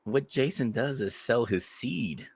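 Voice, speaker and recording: A man's voice: mid-range voice, lively intonation, a little slow, vocal fry, noisy background. A man co-hosting a podcast, riffing crude jokes and laughing in casual chat. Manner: crude joking riffs, laughing. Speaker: podcast co-host.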